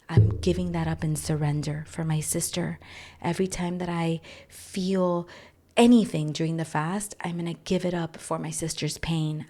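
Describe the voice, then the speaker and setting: A woman hosting a personal podcast, speaking earnestly and repeating key phrases, sometimes softening almost to a whisper. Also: sits low. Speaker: podcast host. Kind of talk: personal reflective podcast talk.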